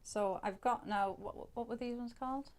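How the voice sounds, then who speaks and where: A woman's voice: a little high, moderate pace, darkish tone. A woman with a Welsh accent, demonstrating crafts on a live shopping show, talking through each step as she works.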